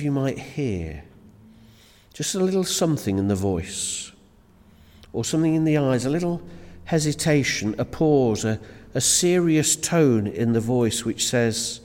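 A man's voice: mid-range voice, very animated, a little slow, a little mellow. A man preaching a sermon to a church congregation in an earnest, emphatic way, often repeating words as he builds his points. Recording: reverberant church hall.

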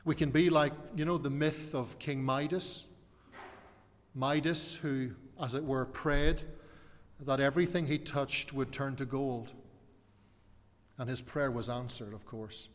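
A man's voice: mid-range voice, fairly even intonation, unhurried. Man preaching in a reverberant hall. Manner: rhetorical questions, varied emphasis. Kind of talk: sermon.

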